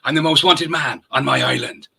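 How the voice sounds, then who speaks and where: A man's voice: fairly even intonation, a little fast, slightly rough, heavily acted. A man voicing a proud, wild Irish outlaw with a put-on Irish accent, quoting boastfully. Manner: loud, high, boastful quoting.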